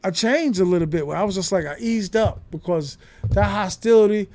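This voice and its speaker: A man, a podcast guest telling stories in casual conversation, emphatic and animated, swearing often. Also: high voice, a little fast. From New York City.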